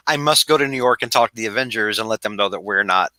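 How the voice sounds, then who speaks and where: A man's voice: lowish voice, fast talker, pushed and bright, no room sound, pitched below the performer's own voice. A man voicing an earnest, formal young male speedster in a joking comic-book retelling, speaking stiffly and properly.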